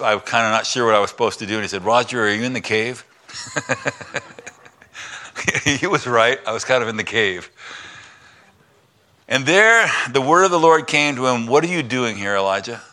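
A man preaching a sermon, retelling scripture with voiced parts, dropping to a hush for God and rising high for Elijah. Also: moderate pace, pauses often. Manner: drops to a hushed voice for God's lines, climbs high for Elijah's complaints. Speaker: pastor.

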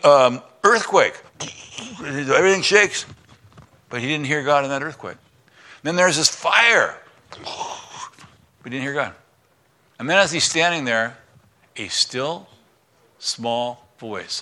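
A man preaching a sermon, retelling scripture with voiced parts, dropping to a hush for God and rising high for Elijah. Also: lively intonation, unhurried, long pauses. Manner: drops to a hushed voice for God's lines, climbs high for Elijah's complaints. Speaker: pastor.

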